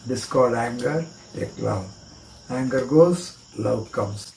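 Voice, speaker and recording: A man's voice: mid-range voice, slow, vocal fry, echoey room, background noise. Indian man teaching a card trick. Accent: Indian English. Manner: spells words out letter by letter, repeats chants. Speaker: magic teacher.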